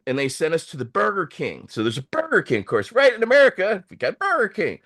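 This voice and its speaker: A man telling a story in casual podcast chat, animated and profane, acting out the voices of the people he quotes. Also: on the high side, brisk, few pauses, dry recording, clean studio sound.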